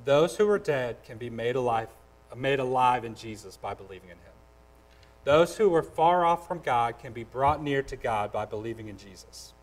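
A man's voice: medium pitch, rough recording. A man preaching a sermon as pastor, direct and earnest, with repeated phrases and voices acted out in a story. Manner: acts out voices in a told story.

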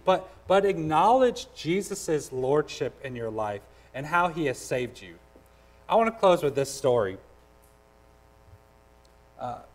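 A man's voice: on the high side, rough recording. A man preaching a sermon as pastor, direct and earnest, with repeated phrases and voices acted out in a story. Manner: acts out voices in a told story.

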